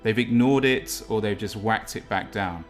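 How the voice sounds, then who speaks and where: Man from England, low voice, rambling and opinionated, walking outdoors on a beach, faint music. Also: normal speed. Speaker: vlog host. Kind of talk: casual walk-and-talk vlog.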